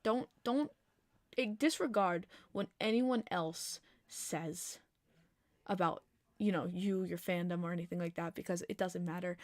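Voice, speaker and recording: A young woman hosting a casual hockey podcast livestream, chatty and full of "like", breaking into loud disbelief at times, on a desk mic at home. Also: on the low side, unhurried, dry recording. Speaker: podcast host. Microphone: desk mic, adjusting gain.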